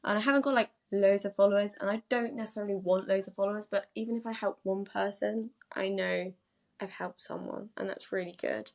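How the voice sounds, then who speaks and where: A woman's voice: mid-range voice, steady tone, a little fast, vocal fry. A woman from the UK, a podcast guest, talking in a chatty, giggly way with many fillers. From United Kingdom. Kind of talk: casual podcast conversation.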